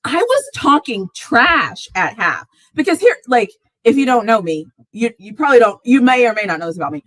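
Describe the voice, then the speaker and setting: A woman chats on a live sports stream in a high, lively voice that swoops way up when she gets worked up. She laughs through her sentences and exclaims often. The sound is dry and close. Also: normal speed, dry recording, low-quality recording. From Texas fan, not origin. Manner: animated, laughs often, exclaims in rising squeals. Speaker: sports talk livestream host. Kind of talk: casual live chat.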